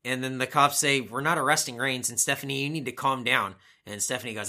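A man's voice: medium pitch, fast, few pauses, bright, forceful tone. A man co-hosting a podcast, rambling through a casual play-by-play recap with swearing tossed in. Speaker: podcast co-host. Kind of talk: casual wrestling recap chat.

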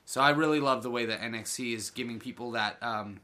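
Man, podcast co-host, casual, enthusiastic, agreeable, bright tone. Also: mid-range voice, brisk, a little hiss or hum. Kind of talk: casual wrestling chat.

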